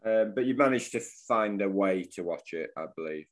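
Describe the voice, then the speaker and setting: A man, co-hosting a podcast in casual chat, quick to tease his partner. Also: fairly low pitch, lively intonation. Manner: teasing, banter-loving. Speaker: podcast co-host.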